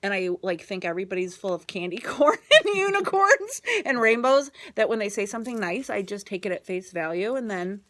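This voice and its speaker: A middle-aged woman telling stories on a studio radio show. Her pitch swings freely as she chats. She talks in an easy, laughing way. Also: big pitch swings, brisk, few pauses, fairly bright tone. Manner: chatty, laughing storyteller. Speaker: show co-host. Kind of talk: casual radio chat. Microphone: studio microphone.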